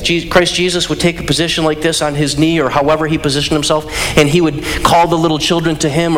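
A man pastor preaching a sermon, telling stories in an animated way with restarts and side remarks. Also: fairly high pitch, a little hiss or hum. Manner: animated storytelling with restarts and asides. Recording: long hall reverb, faint ambience.

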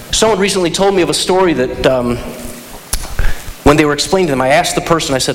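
A man pastor preaching a sermon, telling stories in an animated way with restarts and side remarks. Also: mid-range voice, quick pace, slight background noise. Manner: animated storytelling with restarts and asides. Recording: long hall reverb, faint ambience.

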